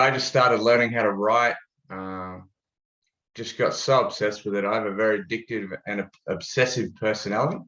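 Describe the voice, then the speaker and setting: A man's voice: lowish voice, sharp tone. Laid-back Australian man, echoey room. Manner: laid-back, jokey storytelling. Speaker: guest. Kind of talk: casual interview chat. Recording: echoey, dull-sounding room.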